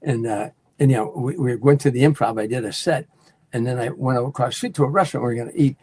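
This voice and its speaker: A man's voice: mid-range voice, quick pace, a little mellow, a little hiss or hum. An older man, a guest comedian, telling show-business stories and acting out what people said. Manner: storyteller who acts out quoted lines. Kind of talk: casual anecdote telling.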